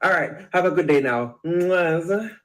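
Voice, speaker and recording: A man's voice: on the high side, animated, unhurried, low-quality recording. A man giving an emphatic, lecturing monologue in a played video clip.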